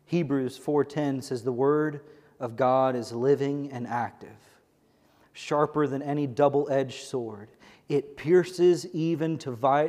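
Male host, earnest casual Bible talk, a bit high-pitched, echoey room. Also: a little mellow. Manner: earnest, casual, quotes scripture. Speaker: host commenting on a sermon clip.

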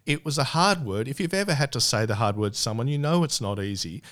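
A man's voice: mid-range voice, animated, a bit bright. Earnest man discussing scripture. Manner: earnest, halting, with many restarts. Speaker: Bible study host. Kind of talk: casual Bible discussion.

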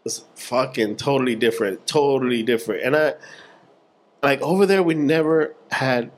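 A young man with a mid-range voice chats on a podcast, relaxed and unpolished. He swears casually and acts out the people in his anecdotes with quick voice shifts. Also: medium pitch. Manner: laid-back, swears casually, acts out dialogue. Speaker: podcast co-host. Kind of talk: casual chat.

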